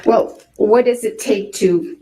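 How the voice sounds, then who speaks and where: A woman's voice: medium pitch, takes it slowly, warm tone, slight background noise. Woman questioning a witness in court. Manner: probing, hesitant questions with fillers. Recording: roomy courtroom audio, distant mic.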